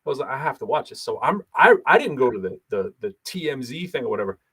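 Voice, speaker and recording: A man in his thirties hosting a casual talk show, animated, laughing often and talking with many fillers. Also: mid-range voice, fast talker, slightly rough. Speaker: podcast host and battle rapper. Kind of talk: casual chat.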